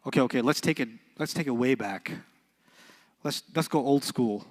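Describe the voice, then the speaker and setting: A man teaching an Arabic class in a lively, playful way, joking and quizzing his students. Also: mid-range voice, moderate pace. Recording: long hall reverb.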